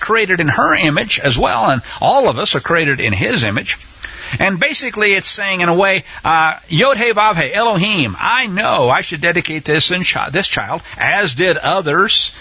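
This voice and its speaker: A man's voice: fairly high pitch, pushed and bright, breathy edge, lo-fi sound. A man teaching the Bible on the radio in an impassioned, conversational way, full of asides. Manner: impassioned, indignant preaching with asides.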